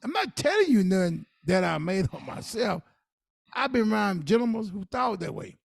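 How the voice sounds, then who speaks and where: A middle-aged man is co-hosting a podcast, speaking with emphatic, animated energy. His voice is gravelly and rough, pitched high for a man, and it swings widely as he tells his stories. The recording is dry and close. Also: moderate pace, no echo. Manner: emphatic, animated storytelling with dialect speech. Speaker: podcast co-host. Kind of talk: casual conversational advice.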